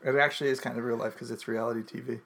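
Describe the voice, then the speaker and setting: A man's voice: mid-range voice, steady tone, racing, a bit bright. A man co-hosting a casual podcast chat, talking in a dry, teasing, matter-of-fact way. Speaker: co-host.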